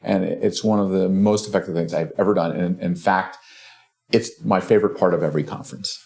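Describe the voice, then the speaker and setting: A man's voice: low-pitched, fairly even intonation, fairly quick, vocal fry, darkish tone. A man hosting a podcast interview, chatty, cutting in often and restarting his phrases. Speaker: podcast host. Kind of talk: casual interview chat.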